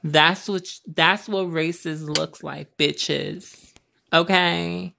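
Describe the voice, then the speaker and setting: A man's voice: fairly high pitch, fairly even intonation, slow pace, vocal fry, bright, forceful tone, a little hiss or hum. A man from the United States, a guest on a live stream, talking in a defensive, stammering way in casual chat.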